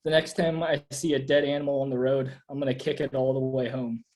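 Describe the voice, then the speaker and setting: A man reading his own absurd poems aloud at a live reading, in a deadpan way. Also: mid-range voice, a little fast, poor audio. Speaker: poet reading own work.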